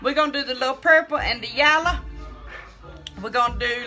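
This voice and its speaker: A woman's voice: sits high, brisk, bright, forceful tone. A woman presenting makeup on a livestream, playful and giggly, greeting viewers by name. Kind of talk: casual livestream banter. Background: faint background music.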